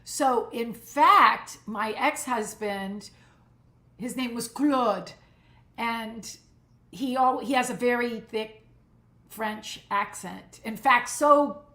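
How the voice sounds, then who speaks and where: Woman, 60s, bright higher voice, animated storyteller guest, roomy echo. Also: slow pace. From United States, Cuban community. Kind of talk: casual interview chat.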